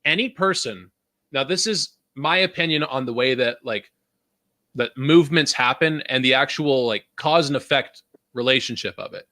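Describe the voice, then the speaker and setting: A man's voice: mid-range voice, normal speed, dry recording, clean studio sound. A young man from Vancouver co-hosting a casual podcast, ranting with swearing and laughter. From Vancouver, Canada. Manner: animated, swearing, laughing ranter. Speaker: podcast co-host.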